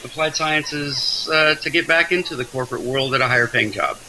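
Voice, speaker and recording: A man talking casually as an interview guest, with a very bright, forceful voice. He is chatty and self-deprecating and often stumbles and restarts mid-sentence. Faint hiss sits under the recording. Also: mid-range voice, fairly even intonation, fairly quick, poor audio.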